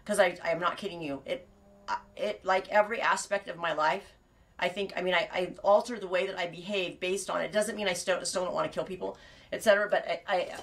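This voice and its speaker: A woman's voice: lowish voice, fairly even intonation, brisk. A woman hosting a casual knitting live stream from her farm, rambling and cutting herself off, laughing often and swearing now and then. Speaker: knitting show host and sheep farmer.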